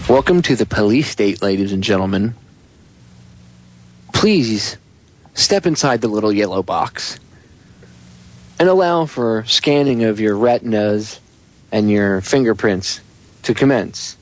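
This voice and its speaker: A man's voice: lowish voice, measured pace, pauses often, pitched below the performer's own voice. A man putting on a cold camp announcer voice. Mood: coldly official. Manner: flat, bureaucratic, menacing politeness. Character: cold official male detention camp announcer.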